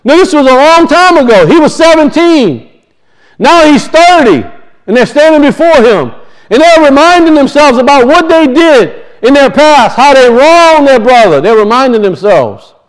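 A man's voice: extremely high pitch, expressive, normal speed, rough recording. A man preaching a sermon, emphatic and repetitive, firing off rhetorical questions to his congregation.

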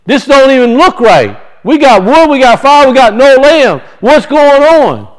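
A man's voice: very high-pitched, big pitch swings, unhurried, pitched above the performer's own voice, exaggerated voice, poor audio. A man voicing an anxious young son who keeps pressing his father with urgent, repeated questions. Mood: anxious, puzzled.

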